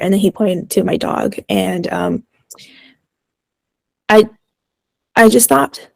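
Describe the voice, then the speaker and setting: Candid young woman with a gravelly edge. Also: mid-range voice, darkish tone, no echo. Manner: candid and emotional, speaking in halting bursts with pauses. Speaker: guest. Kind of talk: personal storytelling in a podcast conversation.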